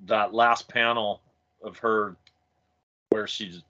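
Male podcast co-host, enthusiastic, bright forceful timbre, muffled lo-fi recording. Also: lowish voice, fairly even intonation, slow. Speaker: podcast co-host discussing comics. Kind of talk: casual chat. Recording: dull lo-fi mic.

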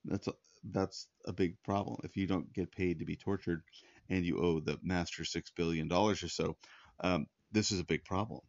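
A man's voice: deep voice, fairly even intonation, normal speed, creaky, a little mellow, no room sound, lo-fi sound. A man preaching a sermon, teaching in an earnest, conversational way and often restarting his sentences. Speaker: pastor.

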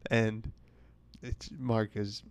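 Speaking very slowly, a young man on his podcast works through a meandering, self-mocking funny story and performs other people's lines. The voice is low-leaning, gravelly yet smooth, darkish and level in tone, recorded with no room sound.

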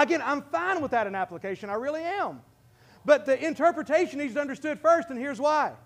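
High-pitched shouting preacher. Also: male voice, vocal fry. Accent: Midwestern American. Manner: fervent, often shouting, calls and responses. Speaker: pastor. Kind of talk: sermon.

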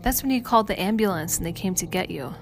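A woman voicing a kind female doctor who speaks softly and soothingly, calling her patient dear and honey, in a story read over music. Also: medium pitch, lively intonation, fast talker, natural voice. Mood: gently reassuring. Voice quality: soft, gentle. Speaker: hospital doctor. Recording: music playing underneath.

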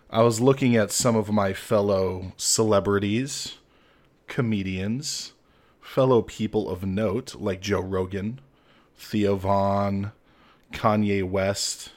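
A man's voice: lowish voice, darkish tone. A young adult man hosting a solo comedy podcast, talking in a mock-grandiose, tongue-in-cheek way. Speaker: podcast host.

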